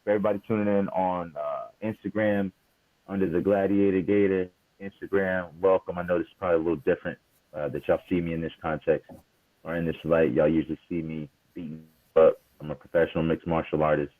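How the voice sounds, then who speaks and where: A man's voice: low voice, steady tone, fast talker, no echo, phone-quality sound. A man co-hosting a casual podcast, upbeat and speaking straight to his listeners. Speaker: podcast co-host.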